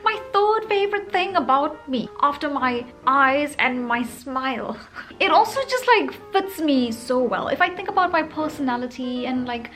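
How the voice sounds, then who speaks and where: Chatty South African Indian woman vlogger. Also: high-pitched. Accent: South African Indian English with a British tinge. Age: 30s. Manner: chatty and expressive, teasing asides, frequent "like". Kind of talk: casual talking-to-camera vlog.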